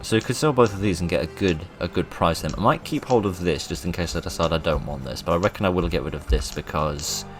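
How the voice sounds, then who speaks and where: A man giving let's play commentary, excitable and self-mocking, reading game lines aloud in put-on voices. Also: low-pitched, quick pace, hardly any pauses, soft background music. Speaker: gaming video host.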